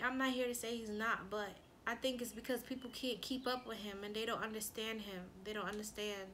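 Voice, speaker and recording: A woman who is a mother, chatting casually through a storytime, animated and full of "like" and her own quoted thoughts. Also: fairly high pitch, slight background noise. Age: adult with a son. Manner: animated, lots of "like" and quoted self-talk. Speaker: relationship coach and vlogger.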